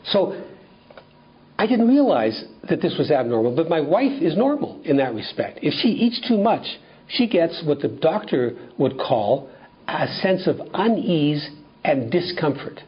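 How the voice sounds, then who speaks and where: A husky, slightly high-voiced man from Canada tells a personal story at a recovery workshop. He speaks in an animated way, restarts often, and acts out dialogue. The recording sounds dull and lo-fi. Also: unhurried.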